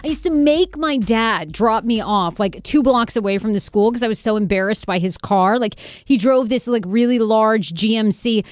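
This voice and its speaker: A woman's voice: fairly high pitch, normal speed, few pauses, dry recording, clean studio sound. A woman in her thirties hosting a podcast in casual, rambling chat, peppered with "like". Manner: chatty, rambling, many likes. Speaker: podcast host.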